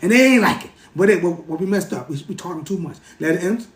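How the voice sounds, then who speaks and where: A man hosting a livestream, lecturing in a casual, animated way, repeating himself and talking straight to his chat. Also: high voice, fast talker, echoey room. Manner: animated, repetitive, keeps addressing the chat. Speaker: livestream host.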